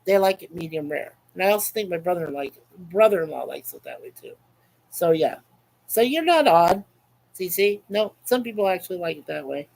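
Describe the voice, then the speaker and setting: A man's voice: sits high, animated, brisk, gravelly, a little mellow, slight background noise, low-quality recording. A man hosting a casual webcam livestream, reading out chat comments in a rambling, chuckling, repetitive way. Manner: rambling, chuckling, repeats himself.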